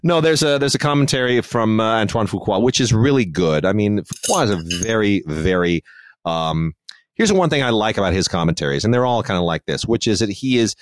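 A man's voice: lowish voice, brisk, dry recording. A man co-hosting a casual film chat, opinionated and digressive, with frequent restarts. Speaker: film reviewer, podcast co-host.

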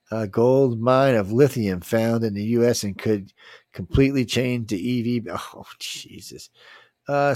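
A man's voice: mid-range voice, darkish tone, dry recording, studio quality. A man hosting a casual news talk, reading headlines and rambling bluntly with swearing and trailing-off sentences.

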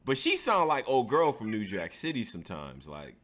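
A man in casual chat, emphatic and joking as he argues. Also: mid-range voice. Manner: animated, emphatic, quick to argue and joke.

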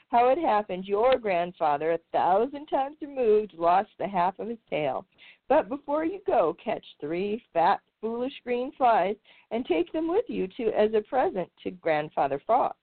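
A woman's voice: on the high side, big pitch swings, moderate pace, no echo. A woman voicing a chatty old male toad who talks in a friendly way. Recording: tinny phone-like sound.

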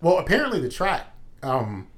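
A man in casual chat, telling stories in an animated way with profane slang. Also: on the high side, moderate pace, a crowd in the background.

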